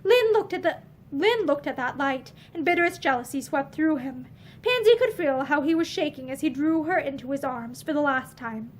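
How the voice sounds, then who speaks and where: A woman reads aloud from a novel in a high voice, measured yet expressive as she tells the story. She sits facing the camera in a room lined with bookshelves.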